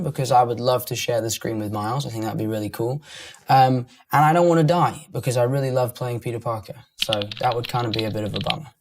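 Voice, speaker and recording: A young man from England with a London accent, casually reading online comments aloud and answering them in a playful, self-mocking way. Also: medium pitch. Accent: London English. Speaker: actor reading fan comments. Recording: music playing underneath.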